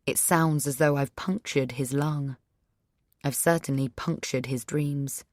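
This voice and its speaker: A woman narrating an audiobook in the first person, measured, subdued and sorrowful. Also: low-pitched, fairly even intonation, darkish tone, no room sound, clean studio sound.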